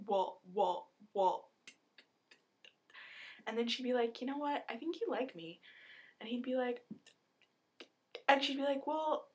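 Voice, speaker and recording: A young woman vlogging in a rambling, animated way, swearing and acting out characters in quick asides. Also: fairly high pitch. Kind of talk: rambling casual vlog.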